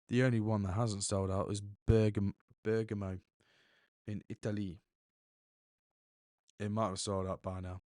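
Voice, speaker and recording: Rambling low-voiced young man. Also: a little mellow, no echo, studio quality. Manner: rambling, self-correcting, chatty. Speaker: podcast host. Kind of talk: casual solo podcast monologue.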